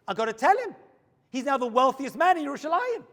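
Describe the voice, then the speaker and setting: A man voicing an excited friend bursting with urgent news, in a sermon story. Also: extremely high pitch, fast talker, pitched above the performer's own voice, heavily acted.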